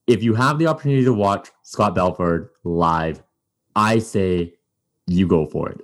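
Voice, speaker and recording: A man's voice: sits low, normal speed. A man hosting a podcast, chatting casually and rambling with many fillers and restarts. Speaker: podcast host. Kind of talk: casual chat.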